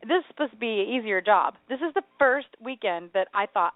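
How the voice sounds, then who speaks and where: A woman co-hosting a radio talk show, telling a rambling, animated story in casual chat. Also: fairly high pitch, a little fast, no room sound. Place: home. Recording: tinny phone-like radio sound, dry.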